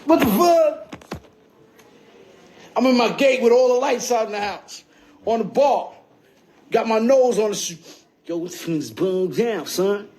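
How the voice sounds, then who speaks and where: A man with a high voice for a man rambles through a story on a livestream. He swears freely and keeps asking if you heard him. The sound comes through a phone mic. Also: lively intonation, normal speed, darkish tone. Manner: profane, streetwise, keeps checking in with "you heard?".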